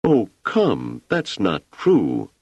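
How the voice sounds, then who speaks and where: A man voicing a kindly, absent-minded older male scholar who speaks slowly and reassuringly. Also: deep voice, huge pitch swings, vocal fry, darkish tone, husky, no echo, muffled recording, voice pushed up, full character voice. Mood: soothing.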